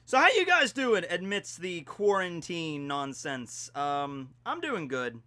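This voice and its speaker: Slow and sing-song, the young Pennsylvania vlogger's voice sits high with a bright, forceful tone as he chats his way through a geography quiz, making jokes about himself.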